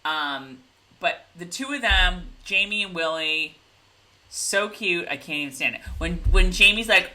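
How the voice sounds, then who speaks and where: A woman co-hosting a casual recap chat, bubbly and gushing with quick asides. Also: on the low side, expressive, sharp tone, rough recording. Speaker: podcast co-host.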